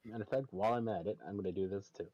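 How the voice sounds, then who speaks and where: A man's voice: fairly low pitch, rapid-fire, warm tone, dull audio. A man streaming in casual chat, narrating what he is doing and laughing often between remarks.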